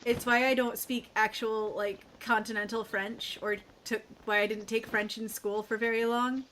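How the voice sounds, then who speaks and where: A woman's voice: on the high side, flat delivery, moderate pace, fairly bright tone, slight background noise. A woman streamer chatting casually and rambling while she plays a game, laughing often. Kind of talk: casual chat while gaming.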